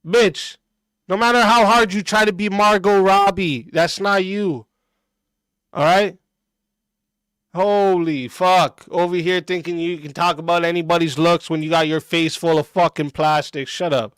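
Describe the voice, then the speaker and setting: A man's voice: sits high, steady tone, measured pace, fairly bright tone, smooth, dry recording. A man streaming a reaction and ranting back at a clip, aggressive and mocking, cursing constantly. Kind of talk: profane reaction rant.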